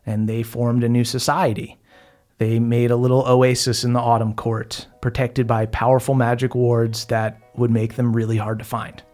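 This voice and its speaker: A man's voice: mid-range voice, little pitch movement, moderate pace, a little mellow, natural voice. Man putting on a reflective fey woman, near his own voice; faint music. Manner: reflective storytelling.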